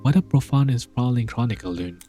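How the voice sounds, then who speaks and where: A man voicing a gentle, solemn female star goddess, reading her game lines in a soft, formal and grave way. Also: mid-range voice, brisk, faint music behind, close to an everyday voice. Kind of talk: reading game dialogue aloud.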